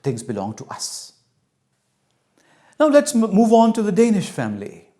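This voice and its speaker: A man giving a lecture on cultural values. He teaches through an animated story and acts out the dialogue. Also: high voice, moderate pace. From India. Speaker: cultural intelligence trainer.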